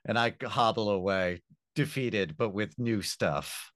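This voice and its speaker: A man playing a tabletop role-play game, speaking in character with a lively, swooping pitch. The sound is dry, with little room around it. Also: a little slow, no echo. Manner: animated, playing his character in his own voice. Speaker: player.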